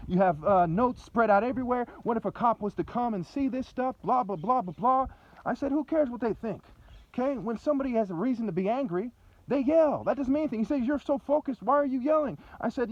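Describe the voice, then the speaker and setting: A high-voiced man talks fast and intensely as he walks, going back over a heated argument and circling through the same points again and again. The recording is dull and lo-fi, with a faint hiss of noise underneath. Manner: agitated, repetitive, fast and intense. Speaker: vlogger. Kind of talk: rambling recounting of an argument.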